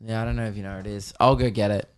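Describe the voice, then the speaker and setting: A man's voice: lowish voice, steady tone, rapid-fire, smooth. An Australian man in his twenties hosting a podcast, telling rambling, profane comic stories in a casual chat. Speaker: podcast host.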